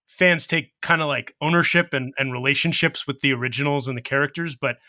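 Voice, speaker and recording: A man's voice: mid-range voice, a little fast, sharp tone. A man hosting a casual chat, asking rambling questions with many fillers. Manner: curious, filler-heavy questions.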